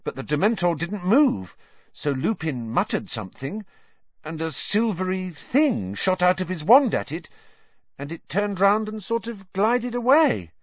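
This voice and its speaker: A man voicing an earnest teenage schoolgirl who explains things in a rapid, breathless rush. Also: high voice, big pitch swings, no echo, muffled recording, voice pushed up, exaggerated voice. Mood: anxious.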